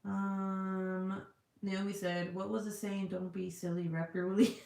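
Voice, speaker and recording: A woman's voice: mid-range voice, level tone, unhurried, vocal fry, a little mellow. A middle-aged woman chatting casually as she reads viewer comments aloud, swearing freely and filling her talk with "like". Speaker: vlogger reading viewer comments. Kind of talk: casual chat. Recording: echoey room.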